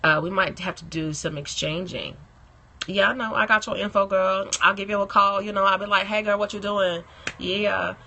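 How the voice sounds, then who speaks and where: Woman chatting on a phone live stream, bright gravelly voice, a bit raspy, laughs a lot. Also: mid-range voice, steady tone, moderate pace, a little hiss or hum. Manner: chatty, laughs often, greets viewers by name. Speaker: beauty blogger hosting a live stream. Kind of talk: casual live-stream chat.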